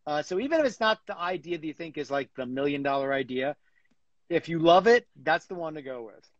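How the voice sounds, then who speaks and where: A man chatting as a guest in an interview, animated and full of fillers and restarts. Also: fairly high pitch, fairly quick, dry recording, lo-fi sound. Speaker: guest, comic book writer. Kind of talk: casual interview chat.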